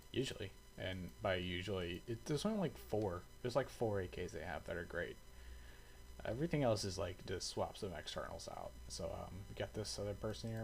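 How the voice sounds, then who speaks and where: Low, gravelly man rambling. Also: slight background noise, rough recording. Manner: rambling and profane, many fillers; reacting aloud while browsing. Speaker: airsoft video creator. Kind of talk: casual screen commentary.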